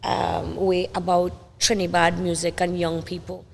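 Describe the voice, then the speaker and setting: A woman's voice: fairly low pitch, flat delivery, unhurried, gravelly, a little hiss or hum. Woman host in a reverberant room. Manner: conversational, many fillers and restarts, asks questions. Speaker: podcast host. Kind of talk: casual interview.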